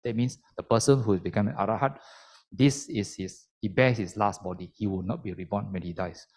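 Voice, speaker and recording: A man's voice: on the low side, fairly quick, a little mellow, breathy edge. A man giving a Buddhist sermon as a lay speaker, emphatic and explaining step by step.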